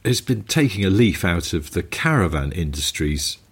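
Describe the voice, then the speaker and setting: A husky, low-voiced man co-hosts a casual podcast, rambling through wry asides. His pitch swings widely as he talks. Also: big pitch swings. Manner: wry, rambling, quick to laugh. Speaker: podcast co-host. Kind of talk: casual chat.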